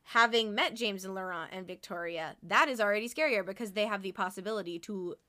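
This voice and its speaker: A woman's voice: medium pitch, fairly quick, bright, forceful tone. A woman co-hosting a podcast in casual chat, talking in a chatty way with lots of laughter and fillers. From North America. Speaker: podcast co-host.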